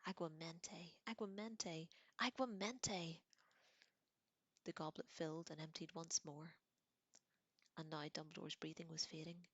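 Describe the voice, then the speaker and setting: A woman whispers her way through a novel in close, soft whispered role-play, sometimes correcting a slip. Her voice sits low, and the sound is dry with no room echo. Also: monotone, normal speed, highs cut off. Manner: soft, close whispered reading with small slips. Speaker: audiobook reader.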